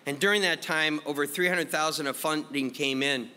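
A man, a pastor, telling his testimony in an animated way, acting out his own past words. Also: a little high, normal speed, long reverb tail. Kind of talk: testimony sermon.

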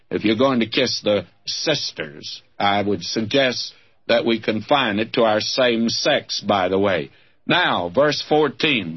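A man's voice: mid-range voice, husky, highs cut off. A man with a Southern American accent preaching a radio Bible sermon, fervent and exclamatory, calling his listeners friends.

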